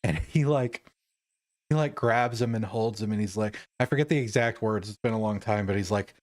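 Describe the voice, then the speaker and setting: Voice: mid-range voice, moderate pace, no echo. A streamer reading a story game aloud with dramatic narration and breaking off into rambling commentary. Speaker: let's play streamer.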